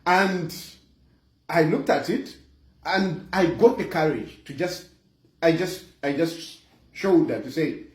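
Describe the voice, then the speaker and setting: A middle-aged Zambian man with a Zambian accent tells a comic personal story. He talks in a high, animated voice, chuckling and leaning on "you know" fillers. The recording sits in a roomy, echoey space. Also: takes it slowly. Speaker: vlogger. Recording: roomy echo.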